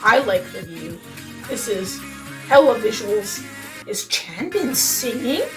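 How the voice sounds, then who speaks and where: A young woman hosting a reaction video, gushing in excitable, slangy exclamations as she reacts. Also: a little high, slow pace. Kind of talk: excited casual reaction commentary. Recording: distant mic with music playing behind.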